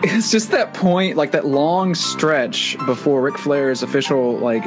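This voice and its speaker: A man with a notably high voice, talking loosely on a podcast. He hedges with plenty of "like" and giggles between thoughts, easygoing and unhurried. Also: music in the background. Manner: chatty, hedging, giggly. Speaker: podcast co-host. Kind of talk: casual chat.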